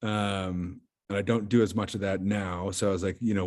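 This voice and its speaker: Rambling low-voiced man telling a story. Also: fairly even intonation, moderate pace, darkish tone. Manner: rambling, filler-heavy storytelling. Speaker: podcast guest. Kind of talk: casual chat.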